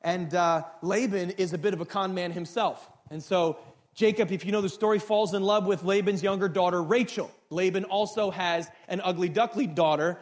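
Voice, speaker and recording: A man's voice: high voice, fairly even intonation, normal speed. A man preaching a sermon, retelling a story in a casual, joking way and talking straight to the congregation. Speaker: pastor.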